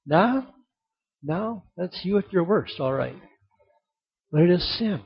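A male pastor preaching a sermon. He tells stories and repeats his key lines for emphasis. His voice sits high and husky, and the recording is dull and lo-fi. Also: expressive, slow pace, long pauses.

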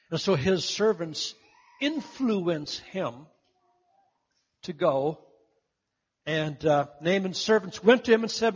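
A lively, high-voiced man preaches a sermon, leaning into acting out the voices of the story. His slightly husky voice rises and falls a lot, and he speaks unhurriedly with long pauses. The sound is muffled, with a long hall echo behind him.

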